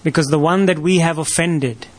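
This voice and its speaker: Preacher, male, fairly high voice, emphatic sermon delivery with rhetorical questions. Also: normal speed.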